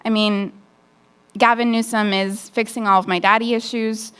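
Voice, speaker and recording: A woman's voice: on the high side, flat delivery, moderate pace, a bit bright, smooth. A woman performing a stand-up comedy set on a nightclub stage into a handheld mic, with a brash, frank, conversational delivery.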